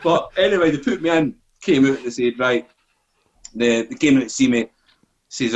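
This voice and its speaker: A man's voice: mid-range voice, moderate pace, highs cut off. A Scottish man in his forties, a podcast guest telling a story in casual, swearing talk and acting out what people said. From Scotland. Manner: swearing, animated, acts out quoted dialogue.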